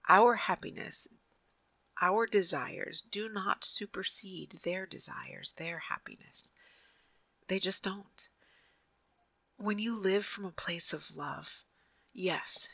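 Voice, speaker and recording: A woman hosting a podcast, giving an earnest, gentle reflective monologue that often drops to a soft near-whisper. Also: fairly low pitch, dry recording, lo-fi sound. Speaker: podcast host.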